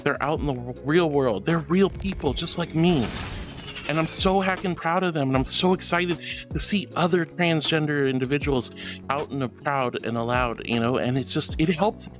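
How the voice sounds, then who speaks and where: She has a low voice and a moderate pace, and faint music plays in the background. Livestreaming from home, she reads comments and talks casually with viewers in a bubbly, giggly, affectionate manner.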